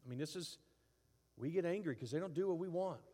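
A middle-aged man preaching in a relaxed, conversational way, with long reverb from a large hall. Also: on the high side, fast talker. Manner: conversational, acts out angry outbursts. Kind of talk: sermon.

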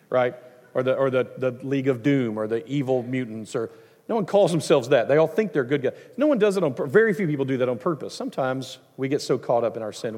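Man preaching in a reverberant hall. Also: a little high. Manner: conversational, animated, with asides and acted-out quotes. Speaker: pastor. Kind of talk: sermon.

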